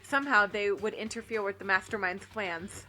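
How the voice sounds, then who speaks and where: A woman reading the lines of a calm, reserved teenage girl detective, explaining in a cool, measured way. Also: medium pitch, soft background music, lightly acted. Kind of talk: reading game dialogue aloud.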